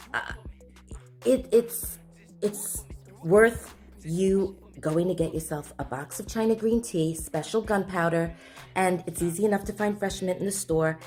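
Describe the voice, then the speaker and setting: A woman hosting her own vlog, chatting to the camera in a gushing, exclamatory way. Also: mid-range voice. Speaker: vlog host. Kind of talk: casual chat to camera.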